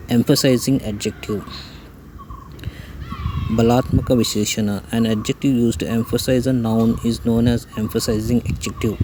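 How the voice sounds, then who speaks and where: A man teaching English grammar, reading out definitions and example lists one by one in a slow, even recitation. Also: mid-range voice, noisy background. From India.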